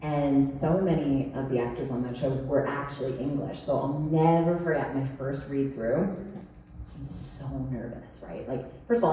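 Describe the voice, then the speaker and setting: A woman's voice: sits low, warm tone, recorded from a distance, slight background noise. Chatty woman in an echoey hall. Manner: chatty, laughing, lots of "like". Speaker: panel guest actress. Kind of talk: convention panel storytelling. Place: large convention hall.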